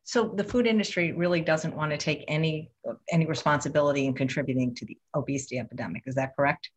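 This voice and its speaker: A woman's voice: low voice, fast, slightly rough. A woman interviewer who asks direct, probing questions.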